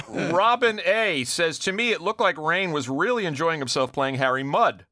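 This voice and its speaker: Brief: male co-host, bright forward voice, big swinging intonation, loud whooping laughs. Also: on the high side, animated, measured pace, dry recording, clean studio sound. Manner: enthusiastic, laughs loudly, asks questions. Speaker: podcast co-host. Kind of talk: casual interview chat.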